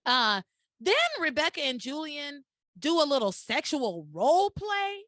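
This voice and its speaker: A woman hosting a podcast, recapping in casual chat as an animated storyteller with exclamatory asides. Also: sits high, measured pace, no room sound, clean studio sound. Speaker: podcast host.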